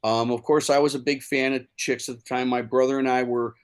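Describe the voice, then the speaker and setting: A man's voice: mid-range voice, little pitch movement, fairly quick, clear, resonant tone. A man from Chicago, a musician guest, telling stories in a casual interview with many fillers and restarts.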